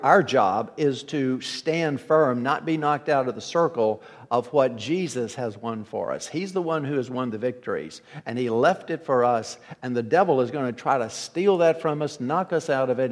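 A man preaching an evening sermon to his church in a relaxed, conversational way, often restarting his words. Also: medium pitch, normal speed, hardly any pauses, long reverb tail. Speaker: pastor.

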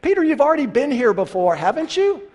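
A preacher acting out Jesus in a raised, pleading voice, slow and earnest, coaxing a friend to trust him. The words are drawn out with gentle insistence, and a long hall reverb trails behind every line. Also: male voice, very high-pitched, very animated, voice pushed up. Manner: pleading, conversational, stretching words slowly.

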